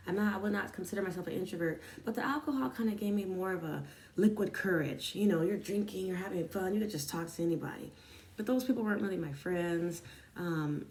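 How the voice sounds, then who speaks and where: A woman's voice: mid-range voice, darkish tone, distant mic. A woman talking candidly to her viewers about staying sober, in an earnest, confessional way. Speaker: sobriety vlogger. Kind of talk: candid personal talk to camera. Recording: echoey room, voice a bit off-mic.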